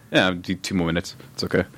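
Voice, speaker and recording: A young man hosting a podcast in casual chat, teasing and laughing often, with sudden animated bursts. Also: sits low, fairly quick. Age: young adult. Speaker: podcast host.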